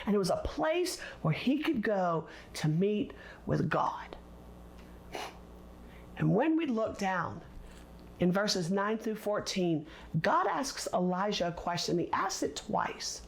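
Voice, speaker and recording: A woman teaching a recorded Bible lesson, expressive and deliberate, leaning on words for dramatic emphasis. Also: mid-range voice, vocal fry, a little hiss or hum.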